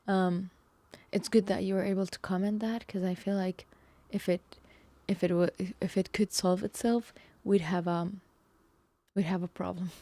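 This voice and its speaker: A woman's voice: mid-range voice, little pitch movement, normal speed, long pauses, warm tone, dry recording. A woman livestreamer chatting casually while reacting to a math video, thinking aloud with fillers and little laughs.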